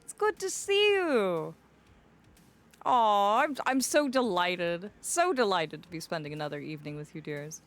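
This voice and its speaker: Speaking in a medium-pitched, sing-song voice at a measured pace, a young woman plays a fae on her live stream. She's theatrical and fond, greeting her chatters as "my dear."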